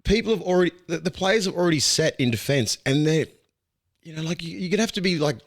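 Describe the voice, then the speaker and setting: A man with an Australian accent, a podcast host and former rugby league player, talking sport in a blunt, animated way and swearing freely. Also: fairly high pitch, fast. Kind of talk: casual sports chat.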